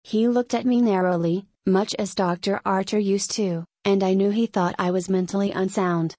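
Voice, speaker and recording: A woman narrating a classic novel in a measured, even way. Her voice sits at a middle pitch. The recording is dry and close, with no room sound. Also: dry recording. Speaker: audiobook narrator. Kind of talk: scripted narration.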